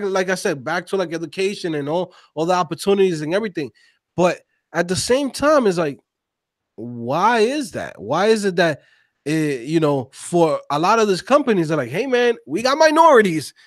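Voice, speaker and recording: A man co-hosting a casual podcast conversation, talking in an animated, slangy, emphatic way. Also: high-pitched, moderate pace, no echo, studio quality. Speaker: podcast co-host.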